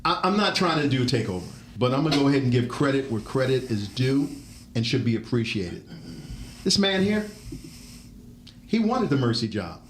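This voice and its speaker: A man from Baltimore, guest on a podcast, telling stories in an excitable way, often repeating himself and slipping into impressions. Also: mid-range voice, normal speed, a little hiss or hum. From Baltimore, USA. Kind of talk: animated casual storytelling. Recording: echoey room with crowd chatter behind.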